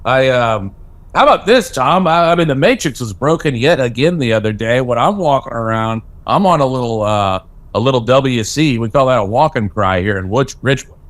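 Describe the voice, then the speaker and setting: A man's voice: medium pitch, expressive, brisk, fairly bright tone, no room sound. Joking mock-indignant comedian man. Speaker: podcast co-host, comedian. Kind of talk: casual comedy chat. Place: Ridgewood, New York.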